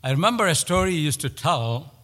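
A man's voice: fairly high pitch, very animated, fairly bright tone, big-room sound. A man preaching a sermon, telling a story and repeating his key points with emphasis. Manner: storytelling, with pauses and emphatic repetition.

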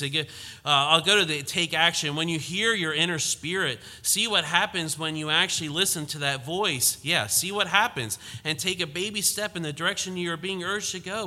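A man preaching a sermon, swinging from emphatic force to hushed tones and sometimes mocking quoted lines in a lighter voice. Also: fairly high pitch, long reverb tail.

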